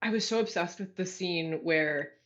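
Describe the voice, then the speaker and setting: Animated storyteller from California on dull lo-fi audio. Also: medium pitch, normal speed, crowd noise. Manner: animated, laughing, self-deprecating. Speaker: guest author. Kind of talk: casual interview storytelling.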